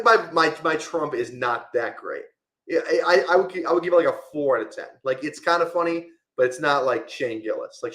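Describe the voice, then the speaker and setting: Casual male streamer, rambling draft talk, mid-pitched, echoey room. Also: fairly bright tone. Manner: rambling, casual, lots of "like" fillers. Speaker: fantasy football streamer. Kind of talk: live-stream draft commentary.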